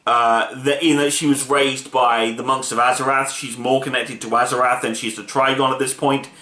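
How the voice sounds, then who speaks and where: A man's voice: medium pitch, level tone, normal speed, pushed and bright. Enthusiastic man reviewing a film, roomy sound. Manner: enthusiastic, rambling retelling with restarts. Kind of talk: casual film review, retelling the plot. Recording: roomy echo.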